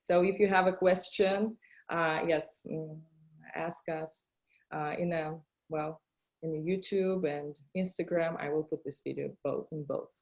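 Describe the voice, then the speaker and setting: A woman's voice: deep voice, steady tone, a little mellow. Russian-accented woman hosting, hesitant. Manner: hesitant, with frequent fillers and quick laughs. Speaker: host. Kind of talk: casual interview chat.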